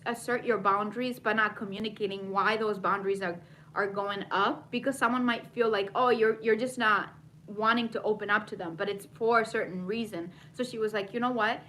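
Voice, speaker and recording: A woman's voice: a little high, fairly bright tone, slight background noise, poor audio. A woman vlogger recapping a TV episode in a casual, chatty way, with many fillers, answering viewer comments as she goes.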